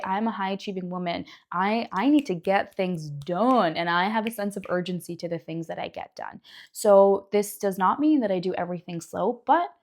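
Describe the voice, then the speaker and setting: A young woman, a naturopathic doctor, giving a casual educational talk to camera in a chatty, animated way with many likes and you knows. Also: medium pitch. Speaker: naturopathic doctor and wellness creator.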